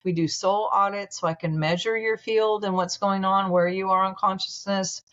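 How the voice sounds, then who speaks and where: A woman's voice: medium pitch, steady tone, normal speed, fairly bright tone. A woman, a naturopathic doctor, speaking as a podcast guest in an earnest, effusive way. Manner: earnest, gushing, grows emotional. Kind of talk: casual interview talk. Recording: dull lo-fi sound.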